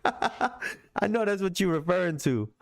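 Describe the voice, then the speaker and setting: A man's voice: sits high, lively intonation, measured pace. A male podcast host in casual sports chat with his audience, laid-back and slangy, often breaking into laughter.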